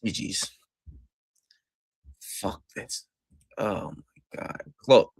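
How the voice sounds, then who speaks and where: A man watching a soccer match and reacting live, profane and swinging from shouted outbursts to low muttering. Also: slow, creaky, pauses often, husky, no echo, clean studio sound.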